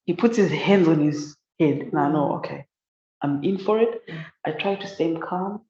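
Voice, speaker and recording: A woman's voice: low-pitched, moderate pace, reverberant, muffled recording. A woman from Zimbabwe, an academic guest telling a story in conversation and acting out the voices of the people in it. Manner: animated, acts out quoted voices.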